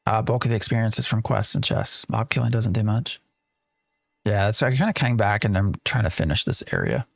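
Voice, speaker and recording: Gravelly-voiced male game streamer. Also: lowish voice, fairly quick, no room sound. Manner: chatty, thinks aloud, reacts to chat. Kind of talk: live gameplay commentary.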